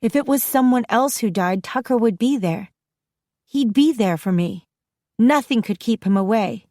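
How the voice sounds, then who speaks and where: A woman narrator voicing an upset, defiant teenage girl who pleads in a raised, higher voice. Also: lively intonation, normal speed, darkish tone, no room sound, studio quality. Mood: pleading.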